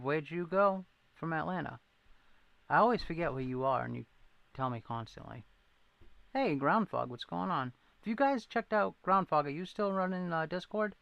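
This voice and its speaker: The recording is muffled, with no room sound, as a man with a creaky, medium-pitched voice runs a casual livestream. He reads viewer comments, tells rambling stories, laughs frequently, and admits he needs his glasses to see the chat.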